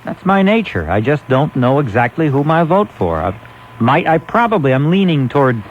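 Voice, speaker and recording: A man's voice: a little high, big pitch swings, normal speed. A man from Brooklyn hosting a late-night call-in radio show, sardonic, wordy and testy with callers. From Brooklyn, New York. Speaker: radio talk show host. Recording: muffled AM radio broadcast with faint hiss.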